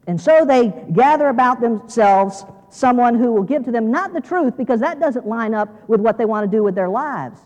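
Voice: mid-range voice, a little mellow, lo-fi sound. A guest preacher speaks in a mid-range voice to seminary students, with the long reverb of a large chapel. The delivery is folksy and down-to-earth, full of small restarts. It grows emphatic and repetitive whenever the main point comes back. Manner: emphatic, repeats key phrases.

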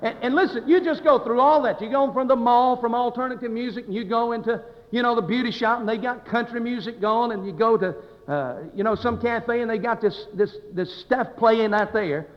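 A man's voice: very high voice, a little fast, hardly any pauses. A male pastor preaching a sermon in a folksy, emphatic way, swelling and dropping his voice. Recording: dull sound with long hall reverb.

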